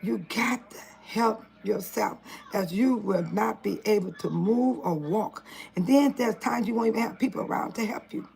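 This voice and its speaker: Gravelly older woman vlogging from home. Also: mid-range voice, moderate pace, a little mellow, low-quality recording. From Illinois, US. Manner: earnest, preachy, emphatic repetition. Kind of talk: casual personal vlog.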